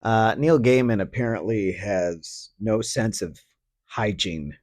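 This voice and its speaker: A podcast host with a fairly low, darkish voice speaks at a slow pace, alone at the mic. Recounting a story, his casual commentary turns into a sardonic, foul-mouthed ramble with plenty of fillers.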